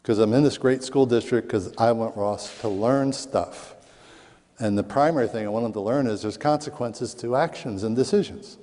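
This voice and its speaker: A middle-aged man from Southwest Philadelphia, a speaker on parenting, telling lively stories to an audience and acting out voices in quotes. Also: medium pitch, normal speed. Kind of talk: storytelling talk to an audience. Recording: long hall reverb.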